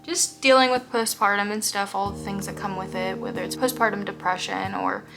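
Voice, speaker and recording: A woman's voice: medium pitch, steady tone, brisk, creaky. A young woman telling a personal story on her vlog, heartfelt and close to tears, speaking earnestly. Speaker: vlogger. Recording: music playing behind the voice.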